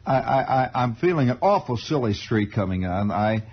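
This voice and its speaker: A man's voice: medium pitch, moderate pace, breathy edge. A male radio host telling a digressive story in a monologue, stammering and restarting as he goes. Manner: digressive, animated, self-interrupting with stammered restarts. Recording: muffled 1960s radio broadcast.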